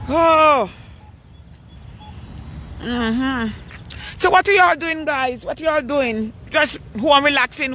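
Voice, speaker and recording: An older woman, chatting casually on a live stream while walking outdoors at night, greeting her viewers by name in a relaxed way. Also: on the high side, a little hiss or hum. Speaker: vlogger hosting a live stream.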